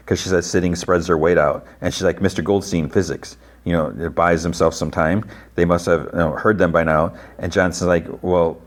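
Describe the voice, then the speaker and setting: Low-voiced man recapping a TV episode. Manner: retells scenes with quick quoted lines, pitching up for characters. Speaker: podcast host.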